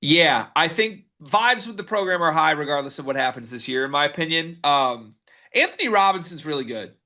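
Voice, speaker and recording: A man's voice: on the high side, animated, a little fast, pushed and bright. A man co-hosting a sports podcast, reading out stats and setting up each question in casual chat. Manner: runs the segment, reads stats and sets up each question. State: hiccuping. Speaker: podcast co-host.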